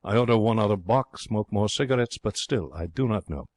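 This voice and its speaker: A man reading an audiobook, voicing an excitable, romantic young Frenchman who tells his tale in broken English. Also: lowish voice, a little fast, no echo, natural voice. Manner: theatrical, broken English phrasing. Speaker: audiobook narrator.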